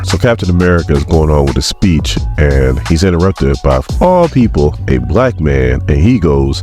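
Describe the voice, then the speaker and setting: A man's voice: very deep voice, big pitch swings, moderate pace, few pauses, darkish tone, faint music behind. A man hosting a casual comic book recap, chatty and joking.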